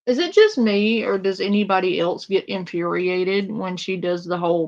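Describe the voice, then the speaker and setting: A woman's voice: mid-range voice, moderate pace, hardly any pauses, darkish tone, highs cut off. A woman ranting sarcastically and crudely about another streamer, in casual commentary. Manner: sarcastic, crude, mocks with a whiny imitation.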